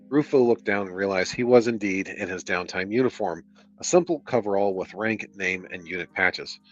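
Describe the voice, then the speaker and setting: Exasperated low-voiced man reading aloud. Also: normal speed, highs cut off, soft background music. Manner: exasperated, sarcastic, swears a lot. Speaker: streamer reading a book aloud. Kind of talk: reading aloud with profane commentary.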